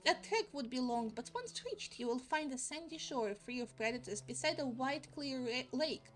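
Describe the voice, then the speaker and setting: A woman reading a calm, serious woman warrior's lines plainly in her own voice, for a video game. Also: sits high, moderate pace. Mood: earnest.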